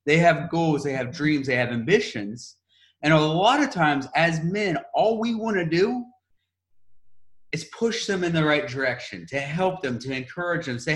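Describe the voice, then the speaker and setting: Male host, slightly higher voice, earnest and rambling as he asks his question. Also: moderate pace, fairly bright tone. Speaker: podcast host. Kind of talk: casual conversation.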